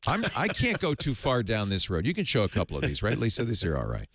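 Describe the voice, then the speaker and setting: A man's voice: lowish voice, huge pitch swings, fast talker, a bit bright, no room sound. A man hosting a radio tech show, chatting in a playful, self-mocking way. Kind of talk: casual radio chat.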